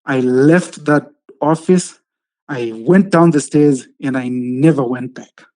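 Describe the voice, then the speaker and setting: A man's voice: on the high side, slow, warm tone. A man telling a story in casual chat, acting out the quotes and laughing often. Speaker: podcast host telling a story.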